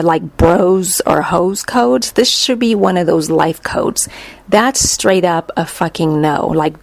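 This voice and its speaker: A middle-aged woman hosting a podcast, telling a story in a blunt, profane, animated way. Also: on the low side, gravelly, dry recording. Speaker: podcast host. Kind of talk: casual storytelling monologue.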